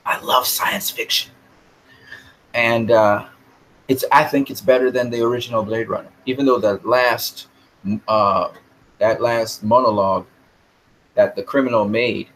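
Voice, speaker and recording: A man with a lowish voice hosts a casual live chat about films, replying to viewers as he goes. His delivery rambles and he repeats words while he searches for a thought. A faint hum of room noise sits under his voice. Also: fairly even intonation, normal speed, pauses often, a bit bright, poor audio. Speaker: live stream host answering chat.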